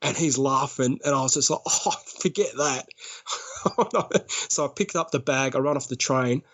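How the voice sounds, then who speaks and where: With a mid-range, slightly bright voice and a measured pace, an Australian podcast guest tells a rambling, casual story. He laughs often throughout.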